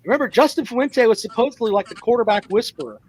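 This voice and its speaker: A man's voice: extremely high pitch, expressive, fast talker, slight background noise, rough recording. A man hosting a casual sports talk show with callers, blunt and profane.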